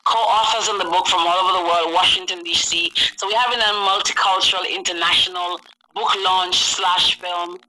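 A woman's voice: on the low side, fairly even intonation, moderate pace, sharp tone, poor audio. A Jamaican woman with British traces in her accent, an author and producer, talking earnestly in a radio interview with many ums.

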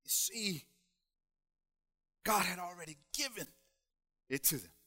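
A man preaching a sermon in a rhythmic style, building to loud, shouted emphasis and then dropping to quiet, drawn-out phrases. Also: high-pitched, expressive, dry recording.

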